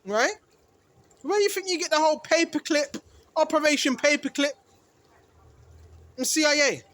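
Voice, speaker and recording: A man with a very high voice preaches through scripture, firing rhetorical questions at his listeners. He keeps checking in with "right?" and climbs higher and louder when he hits a point hard. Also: moderate pace, no room sound. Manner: rises in pitch and volume when emphatic. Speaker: street preacher. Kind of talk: bible teaching sermon.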